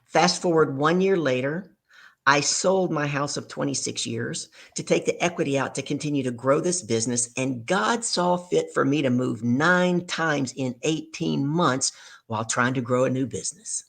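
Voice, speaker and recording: A middle-aged woman guest telling an animated story in an interview, acting out dialogue as she goes. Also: low-pitched, moderate pace, vocal fry. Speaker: guest speaker.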